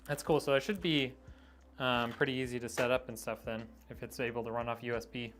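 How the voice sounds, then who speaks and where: A man's voice: mid-range voice, fairly even intonation, a little fast, fairly bright tone. A middle-aged man live-streaming a PC build, chatting casually, thinking aloud with plenty of ums and likes while he works.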